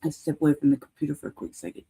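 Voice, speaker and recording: Brief: gravelly, mellow male streamer, offhand, dry close sound. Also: fairly high pitch, lively intonation, rapid-fire, no room sound. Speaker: host. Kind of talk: casual stream sign-off.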